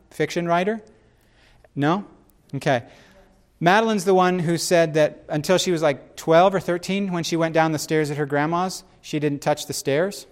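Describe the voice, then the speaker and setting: A man hosting a casual faith discussion, talking in an animated, rambling way with frequent restarts. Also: on the high side.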